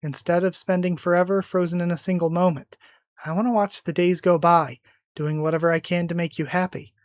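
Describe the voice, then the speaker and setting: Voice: mid-range voice, fairly even intonation, a little fast, dry recording, natural voice. A reader voicing a tender, devoted young woman, her lines read aloud from a comic in a plain voice. The recording is close and dry.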